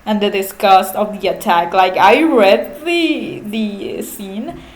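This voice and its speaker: A woman vlogger with a medium-pitched voice recaps a book slowly and casually, chatty, laughing often and swearing freely. The room is echoey.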